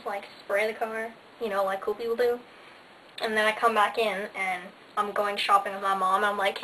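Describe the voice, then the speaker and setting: A woman's voice: mid-range voice, little pitch movement, brisk, a bit bright. A teenage girl vlogging casually, bubbly and sarcastic, with lots of "like" fillers. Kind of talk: casual chatty vlog. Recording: faint hiss, slightly distant mic.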